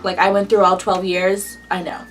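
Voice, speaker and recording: A woman in her early twenties telling a casual storytime, animated and indignant, swearing freely. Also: lowish voice, normal speed, distant mic, faint music behind. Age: early 20s. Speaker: vlogger.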